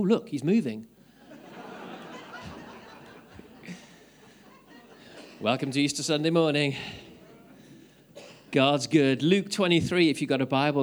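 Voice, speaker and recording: Male pastor, mid pitch, casual sermon with scripture reading. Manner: casual preaching, reads scripture aloud. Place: church.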